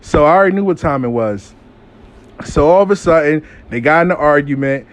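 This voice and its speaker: A man telling a casual storytime monologue, animated and profane, acting out what people said. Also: a little high, brisk.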